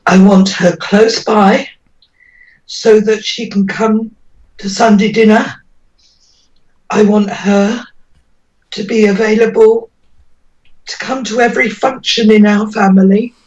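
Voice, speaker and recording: Woman interviewee, emotional and pleading, slow delivery, far from the mic. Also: medium pitch, steady tone, darkish tone. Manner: earnest, pleading, voice breaking with emotion. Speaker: interviewee, mother. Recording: dull lo-fi audio, distant from mic.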